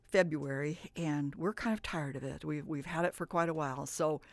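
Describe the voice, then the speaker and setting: A woman's voice: low voice, normal speed, dry recording. A woman teaching reading, walking through each step patiently and praising her listeners. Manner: encouraging, patient, explains step by step. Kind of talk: instructional presentation.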